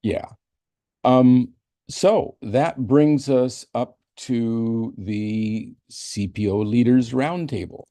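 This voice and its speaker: A man chairing a community meeting, speaking haltingly with many pauses and fillers. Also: mid-range voice, mellow, no echo.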